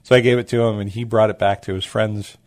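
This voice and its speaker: A man, a food truck owner telling stories as a guest in a casual interview, animated and acting out the people he quotes. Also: lowish voice, quick pace, no echo. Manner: animated, acts out quoted voices.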